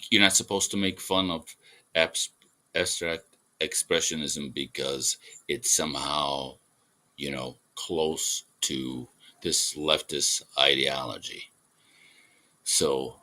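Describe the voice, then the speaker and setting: Slow, bright-voiced man rambling. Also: very deep voice. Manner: rambling, with fillers and chuckles. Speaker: artist hosting a livestream. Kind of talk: casual monologue.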